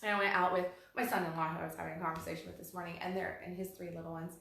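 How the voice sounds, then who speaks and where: A woman in her forties co-hosting a casual talk, telling stories in an animated way and repeating her phrases. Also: fairly low pitch, racing, gravelly. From Texas. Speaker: podcast co-host. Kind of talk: casual chat. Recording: very echoey room.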